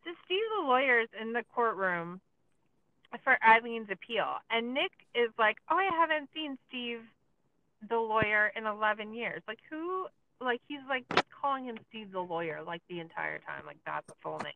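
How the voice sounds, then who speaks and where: A woman's voice: on the high side, lively intonation, moderate pace, gravelly, no echo. A woman chats through a documentary recap as a podcast co-host. She leans on filler likes and sarcastic asides. Her voice comes through a tinny, phone-like line in a dry, close sound. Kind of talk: casual chat recapping a documentary.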